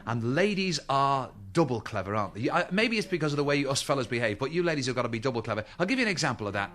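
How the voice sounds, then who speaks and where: A man's voice: mid-range voice, big pitch swings, very fast, fairly bright tone. A middle-aged man with a Liverpool accent doing a live stand-up routine, chatty and teasing as he spins jokes for the audience. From Liverpool, England. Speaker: stand-up comedian. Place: stage before a live audience.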